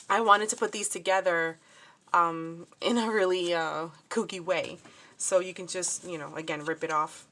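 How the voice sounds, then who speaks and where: A woman's voice: lowish voice, a bit bright. A woman chatting casually as she shows off a handmade craft project, talking in a scattered way with many fillers and restarts. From New Jersey, USA. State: upset and shaken. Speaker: crafting vlogger. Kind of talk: casual crafting show-and-tell.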